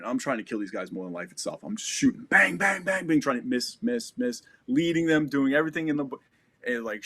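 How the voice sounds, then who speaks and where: A man's voice: mid-range voice, a bit bright, husky. An American man in his thirties casually telling a war story as a podcast guest, acting out gunfire with sound effects.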